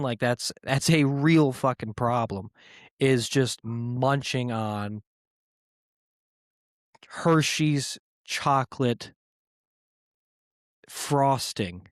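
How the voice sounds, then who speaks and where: A man's voice: mid-range voice, no room sound, studio quality. Rambling, profane podcast host man. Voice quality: rambling, profane, self-mocking, quick bursts. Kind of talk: casual solo podcast rambling.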